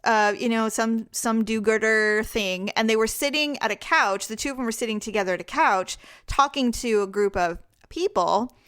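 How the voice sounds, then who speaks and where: A woman's voice: mid-range voice, clear, resonant tone, dry recording, studio quality. A middle-aged woman co-hosting a podcast, chatting casually and acting out quotes with a raised voice. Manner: animated storyteller, acts out quotes in raised voice. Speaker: podcast co-host. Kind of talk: casual chat.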